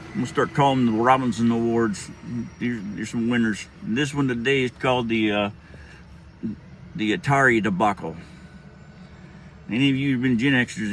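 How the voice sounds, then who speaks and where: A man's voice: mid-range voice, fairly bright tone, a little hiss or hum. A middle-aged man telling a childhood story in a casual, rambling, profane way with many restarts.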